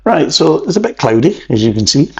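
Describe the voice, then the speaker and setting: A man's voice: on the high side, very animated, brisk, gravelly, dull audio. A Scottish man chatting through a beer review, rambling along with jokey asides. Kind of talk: casual vlog review. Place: at home at a table.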